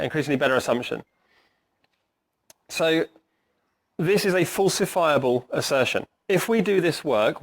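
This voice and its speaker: A middle-aged agile coach gives a conversational talk to an audience in a meeting room, quizzing them and adding "right?" to his points. His fairly high, slightly bright voice is getting hoarse, and he clears his throat.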